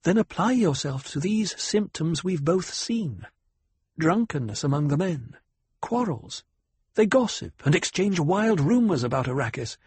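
In an audiobook, a male reader voices a cold, cutting noblewoman, a duke's consort, speaking down in a raised, airy pitch with heavy acting. She lectures and probes in measured, calm words. The very breathy voice is recorded close and dry, with no room sound.

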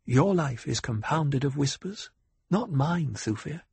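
A man voicing a cool, cutting noblewoman who lectures in a measured, calm way, with a breathy tone. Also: on the high side, pitched above the performer's own voice, heavily acted. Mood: cold, probing. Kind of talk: audiobook character voice.

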